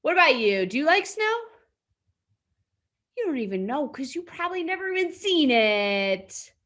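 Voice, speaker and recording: A woman's voice: high voice, very animated, normal speed, a bit bright. A woman teaching an online preschool class, reading a storybook aloud and gasping and asking the children questions. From lives in a hot desert city in the US west.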